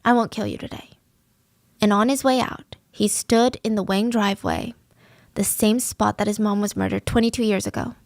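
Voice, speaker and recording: A woman's voice: medium pitch, steady tone, normal speed, darkish tone, no echo. A woman host narrating a true-crime story in a casual, conversational podcast manner, close to the mic.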